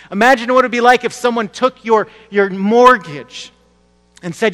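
A man's voice: sits high, fairly quick, pushed and bright, big-room sound. A man preaching a sermon in a conversational, emphatic way, repeating key phrases and asking the congregation rhetorical questions. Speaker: pastor.

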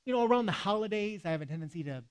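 A man's voice: high voice, expressive, racing, smooth. A man preaching a sermon in a conversational way, with casual asides and quoted scripture. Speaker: pastor.

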